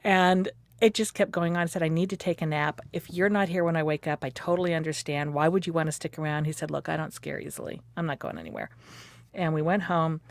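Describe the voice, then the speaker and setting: Woman, 50s, animated storyteller in a dry booth; slightly low pitch. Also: quick pace, hardly any pauses, dry recording. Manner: animated, laughs often, acts out quotes. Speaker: interviewee recounting her courtship. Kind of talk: personal storytelling conversation.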